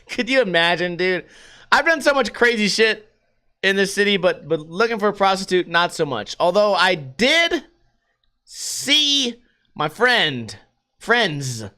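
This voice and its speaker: A man's voice: sits high, lively intonation, takes it slowly, long pauses, pushed and bright. A young man from the United States hosting a casual solo podcast, telling stories with frequent swearing and laughter. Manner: profane, laughing storyteller. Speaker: podcast host.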